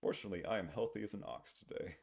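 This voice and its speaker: A man's voice: low voice, racing, vocal fry, darkish tone, husky. A male streamer giving casual, rambling gaming commentary into a desk microphone, laughing often.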